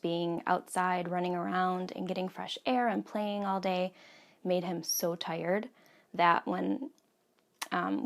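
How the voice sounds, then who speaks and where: A woman's voice: on the low side, gravelly. A woman in her thirties hosting a casual knitting podcast from home, chatty and full of ums. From United States. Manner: chatty, many ums, soft asides. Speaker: podcast host. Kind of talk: casual chat.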